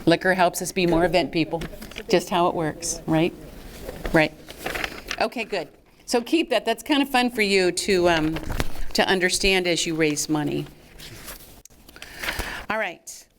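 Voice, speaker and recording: A woman presenting a fundraising workshop to a live audience in a lively, chatty way. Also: fairly low pitch, measured pace, pauses often, a little hiss or hum. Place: meeting room with a live audience.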